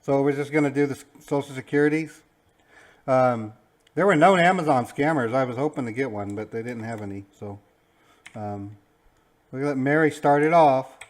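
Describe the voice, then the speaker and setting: A man's voice: mid-range voice, normal speed. A man hosting a live stream, greeting viewers casually with lots of fillers. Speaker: stream host.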